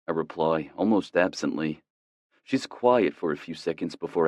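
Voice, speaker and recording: Low-voiced male romance narrator. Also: moderate pace, a little mellow, no room sound, lo-fi sound. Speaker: audiobook narrator. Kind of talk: first-person romance narration.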